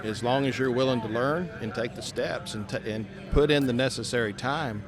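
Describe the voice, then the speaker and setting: A man's voice: medium pitch, a little fast. A company leader in a live podcast conversation, speaking earnestly and often repeating words as he starts a sentence. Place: outdoor trade skills event. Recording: live event with crowd noise. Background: crowd noise.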